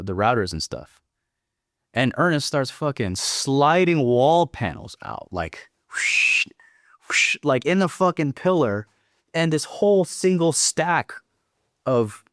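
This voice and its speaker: A man's voice: medium pitch, animated, measured pace, fairly bright tone, no room sound, clean studio sound. A young man telling a war story as a podcast guest, swearing freely and acting out quoted dialogue. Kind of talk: casual storytelling.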